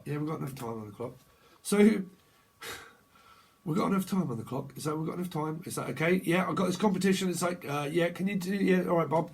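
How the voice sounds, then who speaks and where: A man's voice: a little high, vocal fry, husky. A man giving a casual, off-the-cuff tarot reading, rambling through jokey, slangy wordplay. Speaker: tarot reader.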